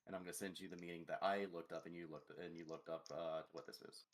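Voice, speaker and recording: A man playing in a tabletop game, describing his character's actions. He has a very deep voice and stops and restarts now and then. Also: flat delivery, fast. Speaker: player. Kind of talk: tabletop role-play narration.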